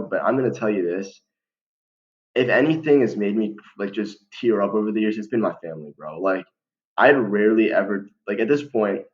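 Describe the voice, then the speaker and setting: Young guy rambling to camera, low voice, tons of fillers, kinda muffled lo-fi sound. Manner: slangy, many fillers and restarts, keeps saying "bro". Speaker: vlogger giving life advice. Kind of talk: casual talk to camera. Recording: dull lo-fi recording.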